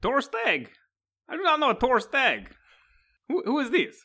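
A man playing a blunt, hot-tempered young male sailor in a tabletop game, quick to insult. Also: very high-pitched, wildly swooping pitch, sharp tone, pitched above the performer's own voice, full character voice. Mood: puzzled.

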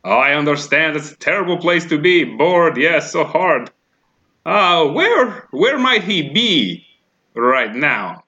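Man doing a flattering smooth-talking rogue, bright lively voice, theatrical oily charm. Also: fairly high pitch, takes it slowly, dull audio, exaggerated voice. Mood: flirtatious. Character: flirtatious smooth-talking male adventurer Cavill.

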